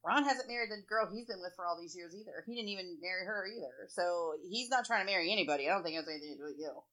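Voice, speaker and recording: A woman's voice: fairly low pitch, very fast, fairly bright tone. A woman in casual chat, frank and supportive, offering her view.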